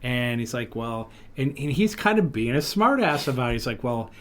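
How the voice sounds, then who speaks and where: Podcast host, male, animated storyteller, casual banter. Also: mid-range voice, a little fast. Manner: animated storyteller, lively retellings. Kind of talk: casual chat.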